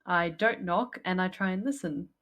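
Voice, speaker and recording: A woman player in a tabletop game, calmly speaking in character and describing her actions. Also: lowish voice, moderate pace. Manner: calm, polite, in character. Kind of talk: tabletop role-play.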